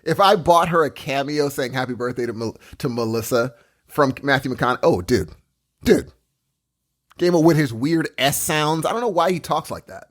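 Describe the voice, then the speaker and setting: A man's voice: mid-range voice, expressive, normal speed. A man co-hosting a podcast in casual chat, rambling and calling his friend dude. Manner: rambling, says dude a lot. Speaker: podcast co-host.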